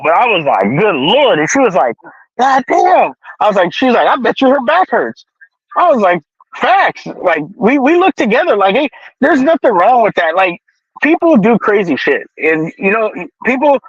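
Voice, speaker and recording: A man talks in a casual chat with friends, laughing and acting out quotes. His high voice jumps around a lot. The sound is dull and dry. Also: fairly bright tone, dry recording.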